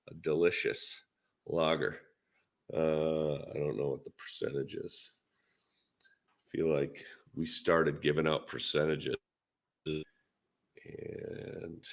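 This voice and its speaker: A man's voice: a bass voice, takes it slowly, long pauses, sharp tone. A man with a Minnesotan accent in a laid-back, rambling, jokey podcast chat, talking shop as a dent repair technician. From Minnesota, USA.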